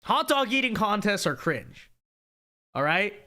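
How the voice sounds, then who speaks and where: A man's voice: high-pitched, very animated, unhurried, sharp tone. A young man hosting a livestream, ranting emphatically and repeating himself to press his point. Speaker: livestream host. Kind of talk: casual livestream rant.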